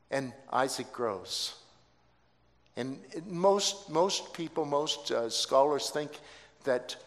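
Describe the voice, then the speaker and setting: A man's voice: fairly high pitch, a bit bright. A man preaching a sermon, telling a story dramatically and with emphasis. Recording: long hall reverb.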